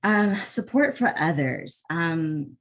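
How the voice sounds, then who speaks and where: A woman with a strikingly low voice presents a leadership webinar over a video call. Her delivery is casual and chatty, full of ums and restarts, with self-deprecating asides. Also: lively intonation, slow pace, a bit bright. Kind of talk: casual online workshop talk.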